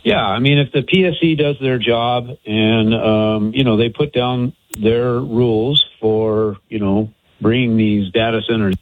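Male radio caller from Montana, measured and explanatory, phone-line sound. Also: medium pitch, fairly even intonation, no echo.

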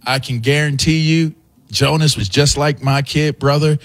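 A man's voice: on the high side, fairly even intonation, moderate pace. A man co-hosting a sports radio show, teasing a colleague in casual banter and repeating himself as he talks.

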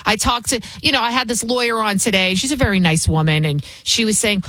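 A woman's voice: mid-range voice, brisk, few pauses, pushed and bright, dry recording. A woman talk show host delivering political commentary in a combative, sarcastic manner. She leans hard on emphatic phrases. The recording is dry and close, with no room sound.

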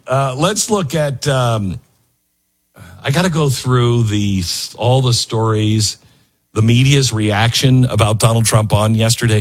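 Middle-aged male talk radio host, husky voice, swings widely in pitch, rambling monologue. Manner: rambling, animated, mocks with put-on voices. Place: radio studio.

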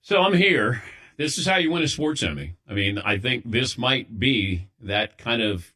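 A man's voice: mid-range voice, lively intonation, a little slow, sharp tone, breathy edge. A man hosting a sports talk show, telling wry, self-deprecating stories in casual chat while a little lightheaded. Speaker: sports radio host.

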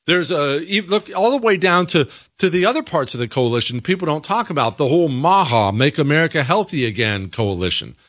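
A man's voice: a little high, expressive, brisk, hardly any pauses, a bit bright, no room sound, clean studio sound. A man hosting a political commentary show, delivering an emphatic, sarcastic monologue and repeating phrases for effect. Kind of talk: opinionated talk-show monologue.

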